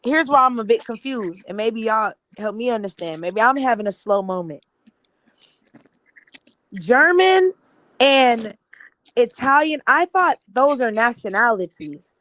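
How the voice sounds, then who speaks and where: A woman's voice: fairly high pitch, animated, unhurried, fairly bright tone, no echo. A woman co-hosting a podcast, chatting loosely, laughing often and mimicking other people. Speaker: podcast co-host. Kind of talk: casual podcast chat.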